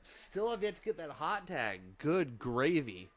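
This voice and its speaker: A man's voice: high-pitched, big pitch swings, moderate pace, fairly bright tone. A man hosting a livestream, casually reacting to wrestling in a playful, teasing way. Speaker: livestream host. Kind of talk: casual wrestling watch-along commentary.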